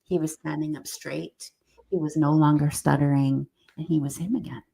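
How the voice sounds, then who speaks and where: Talking at a normal speed, a middle-aged woman with a low, gravelly voice shares a story with a podcast host as a guest in conversation. She animatedly performs the voices of the people she quotes.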